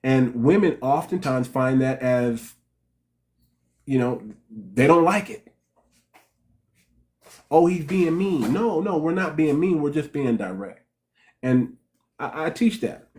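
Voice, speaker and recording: A man's voice: medium pitch, expressive, measured pace, a little mellow. A man in the middle of the usual range for a man's voice hosts a casual livestream as a relationship coach. He speaks bluntly and to the point, stumbling and restarting his sentences and repeating words as he goes. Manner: direct, repetitive, restarts sentences.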